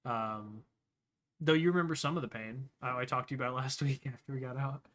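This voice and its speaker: A man's voice: mid-range voice, fairly even intonation, a little fast, a bit bright. A man narrates a tabletop game as its game master. He wanders through his descriptions, stopping and restarting as he hunts for the right word. His delivery is loose and conversational. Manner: meandering, searching for words mid-sentence.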